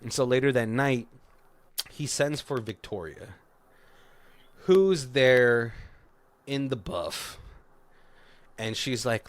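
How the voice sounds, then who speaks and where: A man's voice: mid-range voice, takes it slowly, long pauses, no room sound. A man on a podcast casually retelling a film plot, rambling and breaking into laughter often. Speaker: podcast co-host. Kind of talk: casual movie recap.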